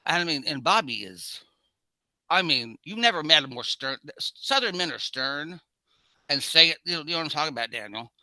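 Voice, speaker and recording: A man tells stories with gusto while co-hosting a casual movie discussion. His voice is bright and forceful, pitched a little high. The sound is close and dry. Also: a little fast, no room sound. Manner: animated storyteller, acts out quotes. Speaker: podcast co-host.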